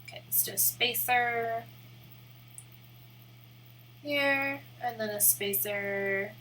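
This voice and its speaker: A woman with a Midwestern accent talks through her work on a livestream in a loose, rambling, self-deprecating way. Her voice is bright and a touch high, with a faint hum in the background. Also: slow pace, rough recording. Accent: American Midwest. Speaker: live streamer. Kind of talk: casual livestream chat while working on screen.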